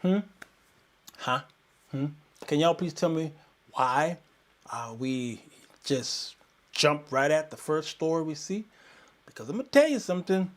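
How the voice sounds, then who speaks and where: A man hosting a live-streamed talk show in a folksy, animated manner, greeting viewers by name. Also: fairly high pitch, a little slow, long pauses.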